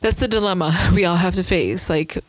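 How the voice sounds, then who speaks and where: Woman talking faith stuff on a podcast, kinda low voice, dry close sound. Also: fairly quick, dry recording, poor audio. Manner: earnest and reflective, with rhetorical questions. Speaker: podcast co-host.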